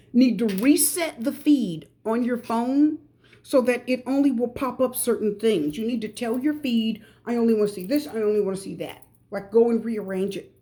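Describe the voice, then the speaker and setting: A middle-aged woman reads tarot cards for her viewers in a chatty, emphatic way, pressing each point home. Her voice sits a little high but has a mellow, warm tone. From United States. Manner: chatty, emphatic, repeats advice directly to viewers. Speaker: tarot reader. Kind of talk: pick-a-card tarot reading.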